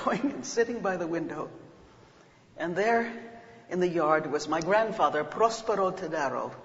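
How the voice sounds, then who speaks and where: An older woman telling an animated, comic story to an audience. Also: on the low side. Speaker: speaker. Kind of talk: humorous storytelling talk to an audience. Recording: muffled echoey hall recording.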